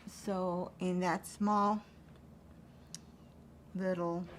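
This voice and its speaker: Woman, slow speech, painting teacher, thinking aloud while working, faint background hiss. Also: lowish voice, little pitch movement. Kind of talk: relaxed painting demonstration.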